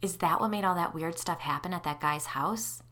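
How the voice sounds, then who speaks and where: A woman voicing a practical, matter-of-fact adult woman in an audio story, speaking in brisk, plain phrases. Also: fairly low pitch, fairly bright tone, close to an everyday voice.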